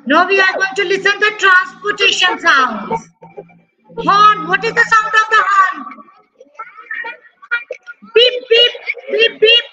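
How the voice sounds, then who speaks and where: A woman's voice: extremely high pitch, measured pace, lo-fi sound, music in the background. A woman teaching an online class for young children, asking questions, praising answers and imitating animal and vehicle sounds.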